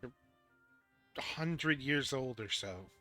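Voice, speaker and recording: Man playing an exasperated female dragon, frazzled guardian, stammering, slow, bright tone. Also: mid-range voice, expressive, soft background music.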